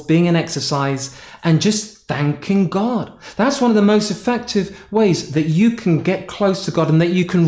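A man's voice: high voice, darkish tone, reverberant. A man from North Yorkshire preaching a sermon, telling a personal story and acting out his own frustrated prayers. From North Yorkshire, England. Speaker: pastor.

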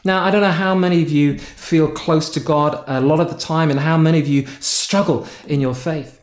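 High-voiced man preaching in an echoey room. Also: fairly even intonation, normal speed. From North Yorkshire, England. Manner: storytelling, acts out his own prayers in a raised, exasperated voice. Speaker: pastor. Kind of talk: sermon.

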